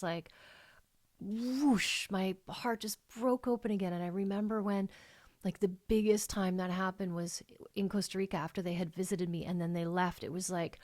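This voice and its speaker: Heartfelt middle-aged woman, low voice. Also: a little mellow, no echo. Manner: emotional, heartfelt, rambling with many "like"s. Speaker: life coach and podcast host. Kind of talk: personal podcast monologue.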